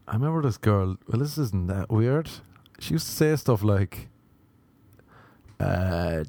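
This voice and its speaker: A man's voice: on the low side, normal speed, warm tone, no echo. A young man, a comedian, rambling through crude, self-mocking stories in a casual solo podcast monologue.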